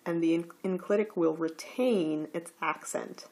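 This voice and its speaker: A woman walks through grammar rules in a recorded slide lecture. She talks slowly and carefully, with a slightly husky, breathy voice. Her pitch sits a little low. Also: steady tone, darkish tone. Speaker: teacher.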